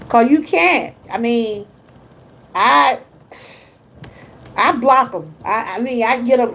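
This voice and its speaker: An older woman talks warmly and loosely on a motivational livestream. Her voice sits a bit high, and she chats in a folksy way, answering her viewers' comments as she goes. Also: takes it slowly, long pauses, a little hiss or hum, low-quality recording. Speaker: lifestyle vlogger hosting a livestream. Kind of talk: casual motivational livestream chat.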